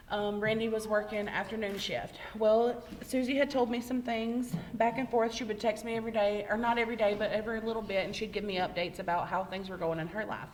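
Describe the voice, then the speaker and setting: A young woman telling a personal faith story to camera in a casual, rambling way, often correcting herself and pausing on "um.". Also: mid-range voice, a little hiss or hum, rough recording. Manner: rambling, self-correcting, frequent "um". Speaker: vlogger sharing a personal testimony.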